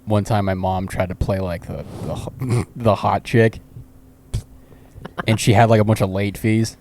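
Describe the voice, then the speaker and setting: A man's voice: fairly low pitch, steady tone, unhurried, a little hiss or hum. A man co-hosting a casual podcast, with a laid-back, easygoing way of talking. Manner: laid-back, drifts quieter when reminiscing. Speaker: podcast co-host. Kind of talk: casual chat. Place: cigar shop.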